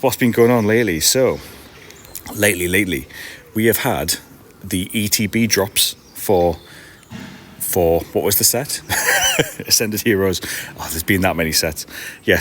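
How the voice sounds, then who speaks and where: Casting: tired man in his 40s, low voice, rambling chatty stream host, faint hum behind. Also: a bit bright. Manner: rambling and self-deprecating, with frequent restarts. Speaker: card seller and livestream host. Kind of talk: casual live-stream chat. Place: large glass-roofed old station hall, indoors.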